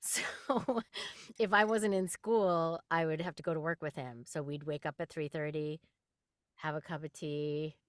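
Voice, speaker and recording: A middle-aged woman from New York, a voice actress guest chatting in an interview, animated and quick to laugh while acting out quotes. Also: low-pitched, dry recording, clean studio sound. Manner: animated storyteller, laughs often, acts out quotes. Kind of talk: casual interview chat.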